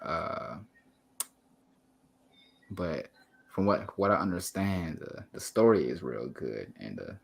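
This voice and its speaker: A man hosting a casual livestream chat in a low, gravelly, husky voice. He talks slowly but swings his pitch a lot, playfully teasing and putting on mock drama. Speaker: livestream talk show host.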